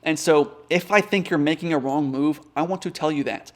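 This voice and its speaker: A man's voice: fairly high pitch, moderate pace. A man coaching viewers in a casual advice vlog, with direct, conversational talk. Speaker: online business coach.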